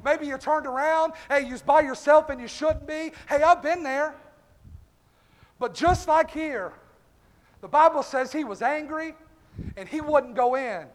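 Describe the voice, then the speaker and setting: Fervent high-voiced preacher in echoey church. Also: male voice, a little slow. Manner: fervent, calls out congregation members by name. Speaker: pastor. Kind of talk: revival-style sermon. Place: church sanctuary.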